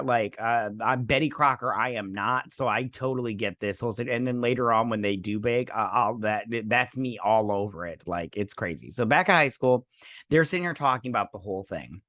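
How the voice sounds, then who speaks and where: Man, young adult, host, casual rambling recap, mid-pitched voice, dry close sound. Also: moderate pace, bright, forceful tone, no room sound. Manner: rambling, chatty retelling with quoted lines. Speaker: host reviewing a TV episode.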